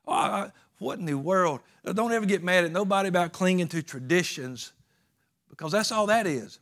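A man delivers a sermon in a folksy, emphatic way. His voice sits a bit higher than most men's, and his rural turns of phrase give the preaching a homespun punch. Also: lively intonation, normal speed, fairly bright tone.

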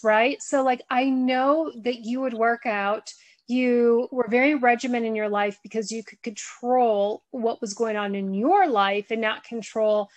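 A woman's voice: a little high, no echo. A woman hosting a podcast, talking earnestly in a rambling, conversational way. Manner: earnest, rambling, backs up and restarts. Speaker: podcast host.

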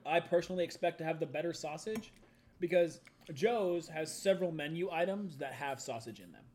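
A young man with a high, lively voice that swings a lot as he talks. He chats casually on a live stream while tasting food, joking and laughing often. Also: fairly quick. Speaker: stream co-host.

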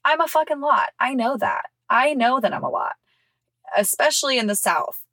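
Frank, animated woman telling a story. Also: high voice, normal speed, dry recording. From California. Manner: frank and expressive, swears freely, laughs often. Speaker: podcast host. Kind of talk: casual storytelling monologue. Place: visiting family in the South.

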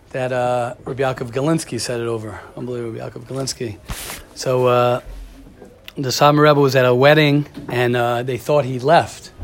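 A man teaching a religious study class in a casual, animated lecture, telling stories and calling on students by name. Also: medium pitch.

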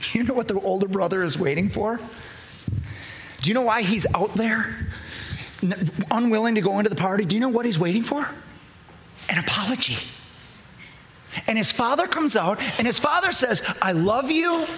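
A man's voice: high voice, expressive, moderate pace, long pauses, a bit bright, slight background noise. A middle-aged male pastor preaching a sermon, telling a personal story with frequent restarts and building intensity.

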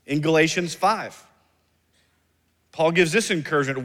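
A man in his thirties preaching a sermon as pastor, emphatic, slowing down and dropping soft on key phrases. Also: on the high side. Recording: long reverb of a large hall.

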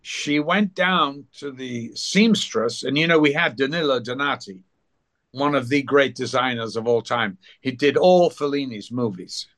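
A man, an actor being interviewed, telling anecdotes in a lively way and acting out the people he quotes. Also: mid-range voice, unhurried. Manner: animated, acts out quotes. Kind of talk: anecdotal storytelling.

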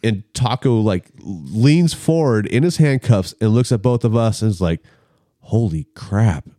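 A man telling a story in a casual chat, animated and acting out the people in it. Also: on the low side, normal speed, no echo, clean studio sound.

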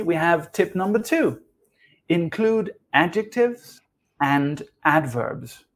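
A man with a Spanish accent hosting a podcast English lesson, explaining writing tips in a clear, teacherly way. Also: fairly high pitch.

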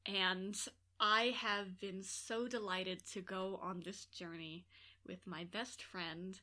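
Young woman podcast cohost, bright voice, jokey and teasing, mid pitch. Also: steady tone, takes it slowly. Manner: jokey, teasing, playful asides. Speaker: podcast co-host. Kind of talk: casual chat.

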